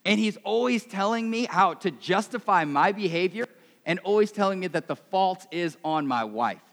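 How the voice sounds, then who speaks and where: A man preaching a sermon in a conversational, self-mocking way, his voice swinging between loud and quiet. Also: sits high, animated, moderate pace, big-room sound. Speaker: pastor.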